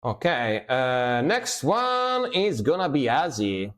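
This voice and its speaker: A man's voice: medium pitch, wildly swooping pitch, takes it slowly, fairly bright tone. Chatty man reacting to metal. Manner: chatty, laughs often, repeats phrases. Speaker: music reaction streamer. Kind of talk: casual live reaction chat.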